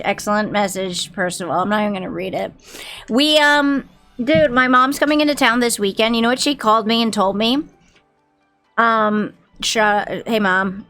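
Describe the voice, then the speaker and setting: A woman's voice: fairly high pitch, fairly bright tone. Girl streamer just chatting w chat, loose and sweary, little bit of music playing under her. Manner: chatty, swears freely, tells stories. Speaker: livestreamer. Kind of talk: casual chat with viewers.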